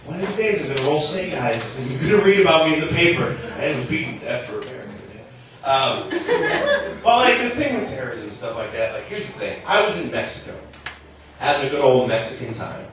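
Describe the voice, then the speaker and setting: A man's voice: mid-range voice, sing-song, a little fast, noisy background. A young man from southern Minnesota doing a chatty stand-up set on a bar stage. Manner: conversational, chatty with many likes and rights. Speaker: stand-up comedian. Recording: echoey bar recorded from a distance.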